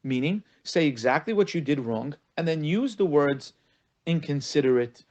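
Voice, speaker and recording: A man's voice: a little high, fairly quick, lo-fi sound. A man, a rabbi, teaching a lesson on marriage, telling stories and acting out the people he quotes, often repeating words for emphasis. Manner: animated storytelling, acting out quoted callers. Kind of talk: spoken lesson.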